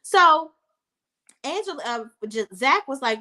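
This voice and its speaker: A woman hosting a casual recap vlog, chatty and animated, talking straight to her viewers. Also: mid-range voice, a little slow. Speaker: reality TV reviewer.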